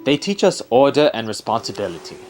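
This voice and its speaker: A man's voice: medium pitch, big pitch swings, brisk, darkish tone, faint music behind, natural voice. A man doing a scolding old man in a put-on British accent. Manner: scolding, stern. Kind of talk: reading game dialogue aloud.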